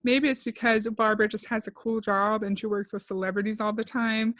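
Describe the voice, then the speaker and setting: A woman's voice: medium pitch, steady tone, fairly quick, fairly bright tone, no echo. Female reaction commentator, blunt and sarcastic, dry close-mic sound.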